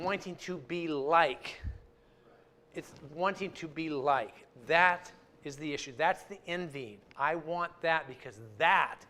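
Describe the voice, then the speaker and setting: A church speaker with a voice that's a little high and a bit bright talks informally in a church sanctuary, chatting conversationally while frequently restarting his sentences and repeating words.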